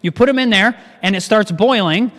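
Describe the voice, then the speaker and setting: High-voiced man teaching a cooking class. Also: normal speed. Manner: lively, asks the audience questions. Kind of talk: live cooking class talk to an audience. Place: church hall with a live audience. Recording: long church-hall reverb.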